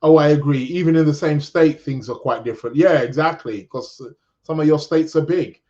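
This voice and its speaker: A man's voice: fairly high pitch, a little fast, darkish tone. A man from England with a British accent, hosting a podcast in a casual, rambling live chat full of restarts. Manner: rambling, many restarts, chatty. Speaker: podcast host. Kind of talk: casual live-stream chat reading comments. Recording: dull lo-fi sound.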